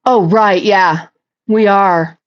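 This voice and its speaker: A woman with a mid-range voice talks slowly while hosting a casual livestream chat, and the audio sounds dull. She reads out viewer comments and responds bluntly, talkatively, and with a lot of profanity.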